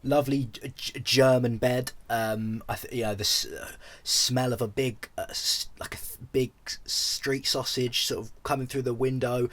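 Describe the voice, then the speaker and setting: A man's voice: mid-range voice, steady tone, moderate pace, a bit bright. Rambling British man telling a comic story. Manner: rambling, self-deprecating, many false starts. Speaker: vlogger.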